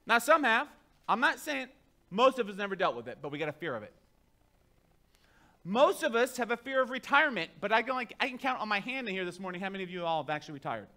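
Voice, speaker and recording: A man's voice: sits high, pushed and bright. A middle-aged man preaching a sermon, chatty and keeps asking the congregation questions. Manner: conversational, asks the congregation questions. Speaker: pastor.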